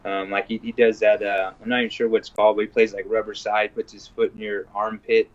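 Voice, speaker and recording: Man, interview guest, relaxed, easygoing, lowish voice, muffled lo-fi sound. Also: quick pace. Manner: laid-back, easygoing, repeats words while thinking. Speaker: interview guest, grappling competitor and instructor. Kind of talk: casual interview chat.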